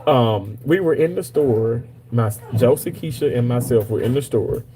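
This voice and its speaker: A man's voice: medium pitch, normal speed, mellow, rough recording. Chatty man telling a personal story. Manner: storytelling, emphatic repetitions, chatty. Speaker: streamer talking to viewers. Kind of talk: casual live chat.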